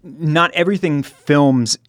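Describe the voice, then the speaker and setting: A man's voice: on the high side, takes it slowly, dry recording. A man co-hosting a podcast, chatting casually in a rambling, hesitant way. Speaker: podcast co-host. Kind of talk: casual chat.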